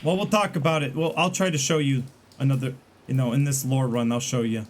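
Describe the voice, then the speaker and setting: A man's voice: medium pitch, fairly even intonation, a little fast, a little hiss or hum. A man giving casual, rambling game commentary to his stream chat, full of fillers and restarts.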